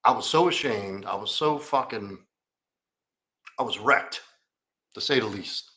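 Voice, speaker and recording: A man's voice: fairly low pitch, a little slow, bright, forceful tone. A man, a coach telling a candid, profane, rambling personal story in a live Q&A.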